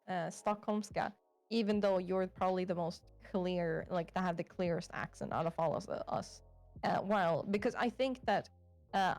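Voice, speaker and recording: A woman from Sweden with a Swedish accent, a guest chatting casually and acting out quoted remarks. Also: lowish voice. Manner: animated, acts out quoted remarks. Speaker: guest VTuber. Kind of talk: casual chat.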